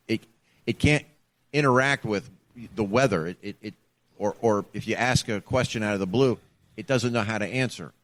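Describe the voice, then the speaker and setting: A middle-aged man co-hosting a podcast in a bar, telling a story in casual chat and acting out the phone calls. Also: fairly low pitch. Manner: animated, acts out the calls. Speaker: podcast co-host, ex-trooper.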